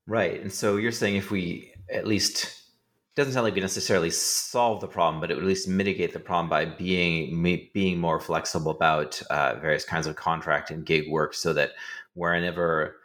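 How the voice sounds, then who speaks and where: An older man, a college professor, interviewing a guest, musing aloud with many pauses and fillers. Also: deep voice, fairly even intonation, fairly bright tone. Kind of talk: conversational interview.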